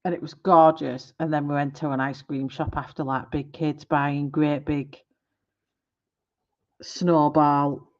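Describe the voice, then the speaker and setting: A woman's voice: low-pitched, little pitch movement, measured pace, highs cut off. A woman hosting a colouring live stream, chatting casually and giggling as she trips over product names.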